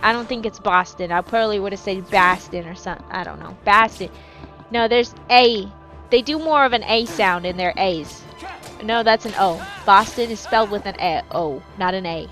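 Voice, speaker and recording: A woman's voice: medium pitch, moderate pace, fairly bright tone, soft background music. A woman chatting casually while gaming, rambling and swearing freely in a jokey put-on accent. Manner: jokey put-on East Coast-style accent. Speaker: gaming streamer.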